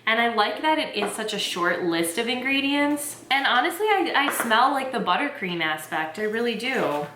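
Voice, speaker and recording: A young adult woman chatting excitedly to camera as a tea vlogger, filling her talk with "like". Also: on the high side, normal speed, hardly any pauses, echoey room, noisy background. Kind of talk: casual chat to camera.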